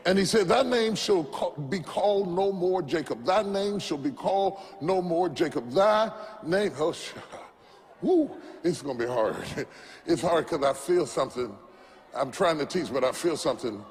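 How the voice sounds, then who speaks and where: A man preaching a sermon, slow and deliberate, who builds up to shouting and has the congregation repeat after him. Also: a little high, expressive, slight background noise. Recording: long reverb in a large hall.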